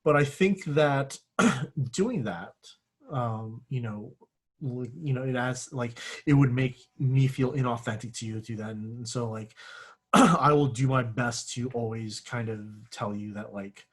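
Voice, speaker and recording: Husky-voiced male instructor clearing his throat. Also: medium pitch, measured pace. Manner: casual, filler-heavy, keeps clearing his throat; self-correcting, searches for words. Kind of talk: classroom lecture on giving feedback.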